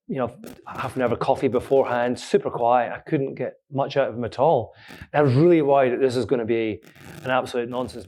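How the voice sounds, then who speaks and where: A chatty man speaks at a live event venue with an audience. He answers questions in a relaxed, self-deprecating way and laughs often between thoughts. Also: medium pitch. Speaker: podcast host being interviewed.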